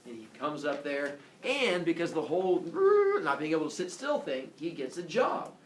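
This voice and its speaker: A male teacher's myth-telling is captured from a distance in a roomy classroom, with a little hiss or hum. He voices the characters animatedly for his class, speaking at a normal pace in a slightly high voice with big pitch swings.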